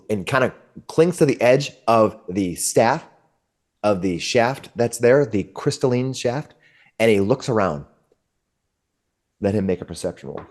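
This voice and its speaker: A man's voice: mid-range voice, darkish tone. A man narrating as game master, describing scenes in a meandering, searching way. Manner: descriptive and meandering, with frequent restarts.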